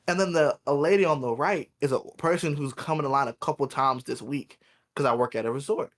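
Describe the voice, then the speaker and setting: A man's voice: fairly high pitch, fast. A man co-hosting a casual podcast, telling a work story with lots of swearing and acted-out customer voices. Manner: animated, acts out customers' voices, swears a lot. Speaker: podcast co-host.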